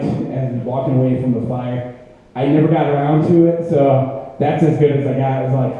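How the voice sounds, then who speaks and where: A man at an open mic, telling stand-up stories in a profane, animated, self-mocking way. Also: mid-range voice, normal speed, narrow, tinny audio. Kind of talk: stand-up storytelling. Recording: echoey room with long reverb.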